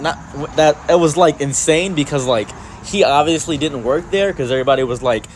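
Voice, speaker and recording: A young man telling a story in a casual, animated, rambling way with lots of fillers. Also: a little high, a little fast, hardly any pauses, a little hiss or hum.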